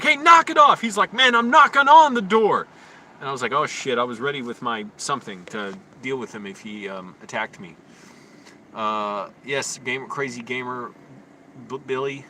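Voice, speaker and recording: Young man, live-stream rant, bright forceful voice, outdoors, phone mic, faint street noise. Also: medium pitch. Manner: rambling, quick to rant and get loud. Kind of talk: rambling live-stream talk to chat. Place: outdoors in an urban park.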